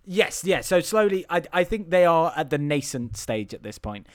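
A man's voice: a little high, big pitch swings, normal speed, no echo, studio quality. A man co-hosting a podcast, recapping a film in casual chat, laughing and swearing, with plenty of fillers. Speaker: podcast co-host.

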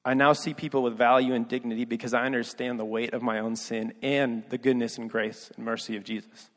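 A young man preaching, telling a personal story with earnest, quiet delivery that rises for emphasis. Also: mid-range voice, little pitch movement, brisk. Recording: long hall reverb.

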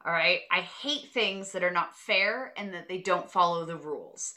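A woman's voice: lowish voice, normal speed, bright, forceful tone. A young American woman chatting casually, blunt and emphatic, often adding "all right?". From United States. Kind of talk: casual chat.

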